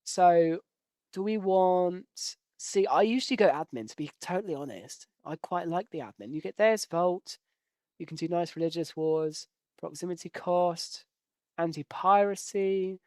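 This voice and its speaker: A man's voice: high-pitched, unhurried, darkish tone, no echo, clean studio sound. A man giving casual, rambling live commentary while playing a strategy game, joking at his own expense and swearing now and then. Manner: rambling, jokey, self-deprecating.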